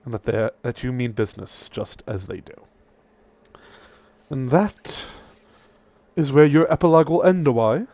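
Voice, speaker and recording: A man narrating a tabletop game as game master, playful and animated. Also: mid-range voice, normal speed, long pauses, dry recording.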